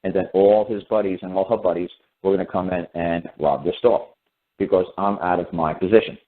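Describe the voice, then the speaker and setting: A deep-voiced man rambling bluntly through a story, circling back to the same points and slipping into the voices of the people he quotes. The sound is thin and boxy, like it came down a phone line. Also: fairly even intonation, fairly quick. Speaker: show host. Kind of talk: rambling monologue. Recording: phone-like narrow audio.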